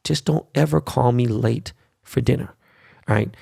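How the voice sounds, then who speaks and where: Brash middle-aged male podcast host, gravelly, foul-mouthed solo rant. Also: medium pitch, moderate pace, warm tone. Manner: brash, profane, ranting.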